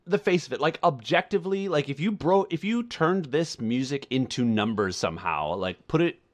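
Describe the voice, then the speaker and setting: A man's voice: a little high, expressive, moderate pace. A man co-hosting a podcast in casual chat, weighing his opinions aloud. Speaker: podcast co-host.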